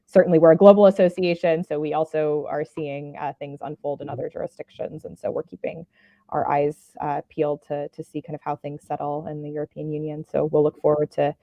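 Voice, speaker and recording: Female webinar guest, low and flat, measured delivery. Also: gravelly, no room sound. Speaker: association representative, webinar guest. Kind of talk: casual webinar talk.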